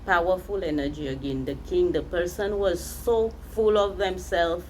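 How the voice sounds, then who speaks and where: A woman's voice: lowish voice, steady tone, normal speed, slight background noise, rough recording. A woman giving a spiritual tarot reading, speaking straight to the viewer and repeating phrases for emphasis. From Seychelles. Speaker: tarot reader.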